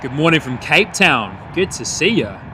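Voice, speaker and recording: A man hosting a live plane-spotting stream from a hotel above the runway, excitedly calling out departures and greeting viewers. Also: a little high, normal speed, noisy background. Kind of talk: live commentary. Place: hotel third floor overlooking an airport runway.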